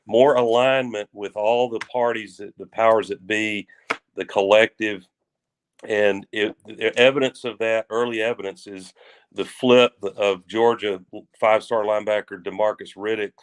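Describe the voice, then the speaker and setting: A man with a somewhat low voice talks sports at an easy, rambling pace. He is folksy and stretches his phrases, often restarting mid-sentence. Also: steady tone, moderate pace, clear, resonant tone. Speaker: sports radio co-host. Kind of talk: casual sports talk.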